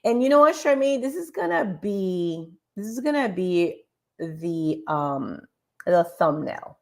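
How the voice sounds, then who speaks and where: A woman hosting a morning show, giving an emphatic, animated motivational talk over slides and speaking straight to her audience. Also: on the low side, takes it slowly, gravelly. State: tired.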